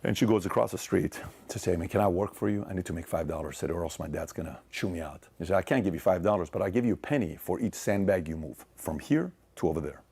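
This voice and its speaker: Man, husky low voice, motivational speech, acts out a story's dialogue, loud then hushed. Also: fast talker, hardly any pauses. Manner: acts out dialogue in a parable, swinging loud and soft. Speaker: speaker in a played clip.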